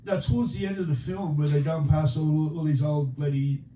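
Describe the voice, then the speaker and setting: Mellow-voiced male guest. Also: a little high, level tone, moderate pace. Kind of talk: casual chat. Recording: roomy, distant, with faint noise.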